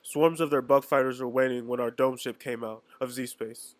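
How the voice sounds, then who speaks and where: A man's voice: medium pitch, steady tone, moderate pace, dry recording. A man reading a novel aloud in an amateur read-along, plain delivery with small stumbles and restarts. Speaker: reader.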